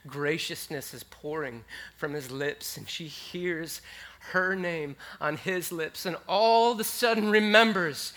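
A man preaching a sermon in a conversational, animated way, dropping to a hush and then rising with excitement. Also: on the high side. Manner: conversational, animated, swinging between hushed and excited. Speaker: pastor.

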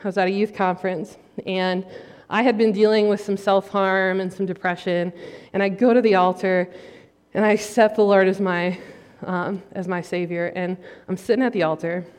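A woman's voice: flat delivery, normal speed, a little mellow, clean tone. A young woman pastor giving a humorous, chatty sermon in a church, laughing often as she tells stories. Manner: chatty, laughing often, rising to high squeals. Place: church sanctuary. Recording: long hall reverb.

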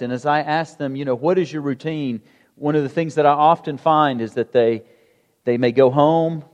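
A pastor preaching a sermon in a conversational way, asking the congregation rhetorical questions. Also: male voice, mid-range voice, darkish tone, dull audio. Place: church sanctuary. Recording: long church hall reverb.

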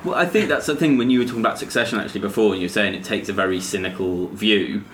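A man casually reviewing a TV series in a measured, hesitant way with many pauses and ums. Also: lowish voice, fairly bright tone, reverberant, a little hiss or hum. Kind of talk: casual chat.

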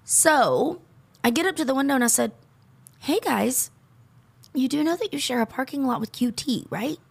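A middle-aged woman co-hosting a podcast, ranting in animated casual chat and laughing often. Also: high voice, moderate pace, vocal fry, husky. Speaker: podcast co-host.

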